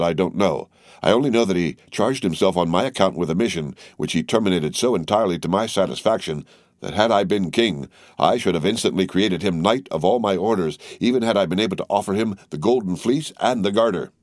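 A man's voice: low-pitched, a little fast, no room sound, clean studio sound, natural voice. A man voicing an effusive, dashing male aristocrat of about thirty. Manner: effusive, grand.

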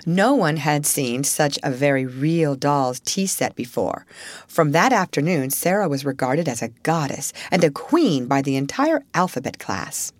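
A woman narrating a story as an audiobook, in an expressive storytelling manner. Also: sits low, measured pace, no room sound.

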